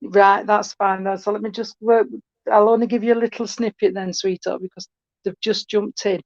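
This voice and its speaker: A woman's voice: medium pitch, level tone, moderate pace, a little mellow, dry recording. A woman giving an online mediumship reading, chatty and affectionate, calling people sweetheart. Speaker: spiritualist medium. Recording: dull, dry call audio.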